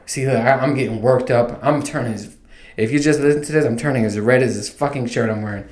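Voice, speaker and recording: A man's voice: mid-range voice, quick pace, darkish tone. A man in a mid-range voice rants casually and swears freely as he tells an exasperated comic story. His voice rings in a roomy, echoey space. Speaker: podcast host. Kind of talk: casual comedic rant. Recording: roomy echo.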